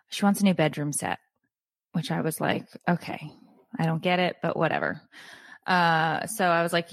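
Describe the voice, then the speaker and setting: A woman's voice: on the low side, a bit bright, no room sound. A middle-aged woman co-hosting a podcast, telling a story animatedly and acting out what people said. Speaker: podcast co-host. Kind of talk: casual storytelling chat.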